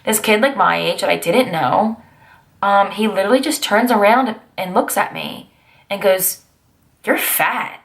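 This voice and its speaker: Chatty young woman with vocal fry. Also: medium pitch, normal speed. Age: 20s. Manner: chatty, rambling storytelling with sassy asides. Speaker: vlogger. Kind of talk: confessional personal vlog.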